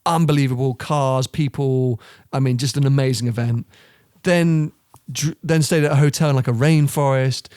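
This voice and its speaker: Animated young Englishman telling stories. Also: mid-range voice, moderate pace, hardly any pauses, clear, resonant tone, no echo, studio quality. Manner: animated storyteller, laughs often. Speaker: guest. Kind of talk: casual chat.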